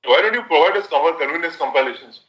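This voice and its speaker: A man with an Indian English accent presiding as a judge, brisk and directive as he interrupts counsel. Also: a little high, lively intonation, lo-fi sound. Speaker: judge on the bench. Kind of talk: courtroom exchange. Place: courtroom. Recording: echoey courtroom audio.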